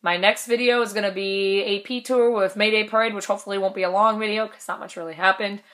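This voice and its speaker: Young woman vlogging a storytime, bright clear voice, chatty, laughs and swears a lot. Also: medium pitch, steady tone, quick pace. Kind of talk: casual storytime vlog.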